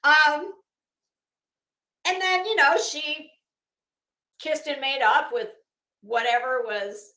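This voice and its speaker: Rambling woman host, high voice, roomy echo, casual chat with restarts. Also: expressive, takes it slowly, long pauses, pushed and bright. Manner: rambling, many restarts and fillers. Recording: echoey room.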